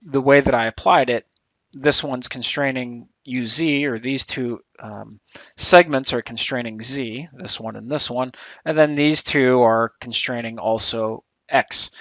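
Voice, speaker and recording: Man talking through a software tutorial. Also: mid-range voice, creaky, no echo, dull audio. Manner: relaxed, thinking aloud with fillers and restarts. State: a little tired. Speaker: instructor.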